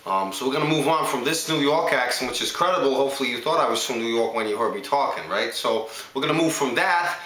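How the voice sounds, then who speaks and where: A man's voice: medium pitch, fast talker, hardly any pauses, sharp tone. A man, an actor, talking casually to camera while switching through a string of different English accents. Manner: hops between English accents, chatty and self-assured. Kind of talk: accent showreel monologue. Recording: echoey room.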